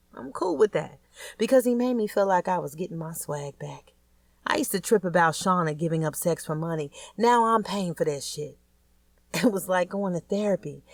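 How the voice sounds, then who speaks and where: A woman's voice: mid-range voice, darkish tone, dry recording. A woman narrating a first-person audiobook in a blunt, crude, streetwise way.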